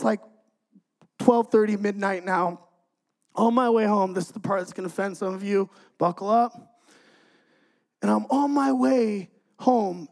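A young man with a notably high voice preaches his testimony in an animated storytelling way. He drops to hushed, confiding tones, then bursts out loud and excited. Casual phrasing keeps it conversational. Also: poor audio. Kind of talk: energetic testimony sermon.

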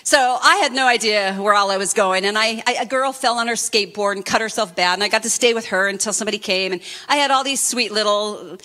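A woman preacher telling a personal testimony in an expressive, fervent sermon style. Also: medium pitch.

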